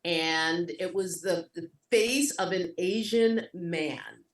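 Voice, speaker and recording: Guest actor, woman, New York accent, low voice, expressive storyteller, far from the mic in a reverberant room. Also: slow. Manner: lively, expressive, voice jumps up in animated moments. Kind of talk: conversational storytelling. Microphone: video call. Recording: echoey room, distant from mic.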